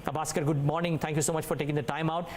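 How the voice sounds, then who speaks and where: A man's voice: on the high side, flat delivery, very fast, a little hiss or hum. A man with an Indian English accent anchoring live business news, thinking aloud as he checks market rates. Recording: music bed under studio voice.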